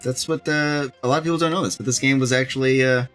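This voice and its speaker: A man's voice: mid-range voice, fairly even intonation, fast talker, a bit bright. A young man co-hosting a let's play, chatting casually and joking, often laughing as he rambles. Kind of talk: casual gameplay chat. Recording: faint game music behind.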